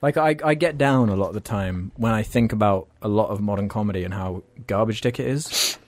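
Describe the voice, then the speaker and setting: A man's voice: lowish voice, a little fast, no echo. A young man hosting a podcast, chatting casually with friends in jokey, rambling, crude banter. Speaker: podcast host. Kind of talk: casual chat.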